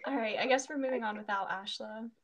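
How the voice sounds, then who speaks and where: A young woman co-hosting a casual book-club podcast, teasing and laughing through quick banter. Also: a little high, a bit bright, highs cut off. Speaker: podcast co-host.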